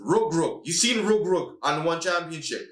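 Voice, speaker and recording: Guy going off about a fight on a podcast, kinda high voice, roomy echo, sounds far from the mic. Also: lively intonation, a bit bright. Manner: emphatic, fast, mimics other people's voices. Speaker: podcast host. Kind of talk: animated casual podcast rant. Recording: echoey room, distant mic.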